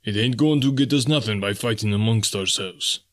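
A calm sailor urging his mates to stop fighting, voiced by a man reading a story. His speech is rough and plain, his voice low. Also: normal speed, close to an everyday voice. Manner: cautioning, coarse grammar. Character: calm cautioning male sailor.

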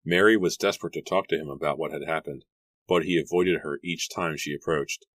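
Very deep-voiced male audiobook narrator. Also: fairly bright tone, no echo. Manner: measured storybook reading.

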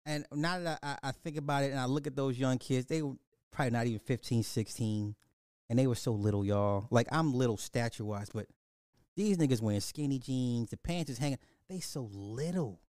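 A young man hosting a casual talk show, ranting with lots of swearing, laughing often and swinging between loud outbursts and low mutters. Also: smooth, no echo, clean studio sound. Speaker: podcast host. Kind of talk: casual commentary rant.

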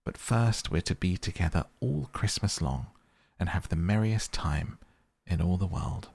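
A man voicing an excited little girl, gleeful and eager, in a sleep-story reading. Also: deep voice, unhurried, gravelly, breathy edge, dry recording, full character voice. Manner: gleeful, pleading.

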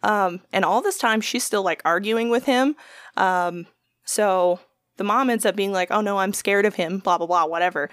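A woman's voice: medium pitch, normal speed, no echo, studio quality. A young adult woman telling a long story in casual chat, swearing often and acting out what people said. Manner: profane, animated storytelling with quoted voices.

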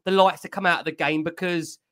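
A man's voice: fairly high pitch, level tone, brisk, fairly bright tone. A man hosting a fan podcast, steering the talk to guests and reviewing the match. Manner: conversational, steering, slightly hesitant. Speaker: podcast host.

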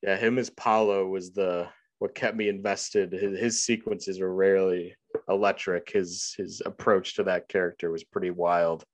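Man, lowish pitch, relaxed, thoughtful, casual podcast chat. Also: normal speed. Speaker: podcast co-host.

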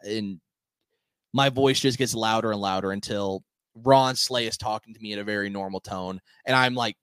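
A young man from Nashville co-hosts a casual podcast. He tells stories with lively swings in pitch, acting out his own shouting as he goes. The sound is dry and close, with no room around it. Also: clear, resonant tone, dry recording. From Nashville, Tennessee. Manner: animated storytelling, acts out his own yelling. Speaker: podcast co-host. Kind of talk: casual chat.

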